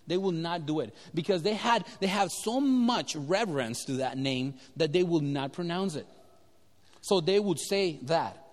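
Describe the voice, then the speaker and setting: A man's voice: high voice, measured pace. A man preaching a sermon, telling a Bible story and quizzing his listeners. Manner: animated, asks the audience questions. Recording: echoey hall.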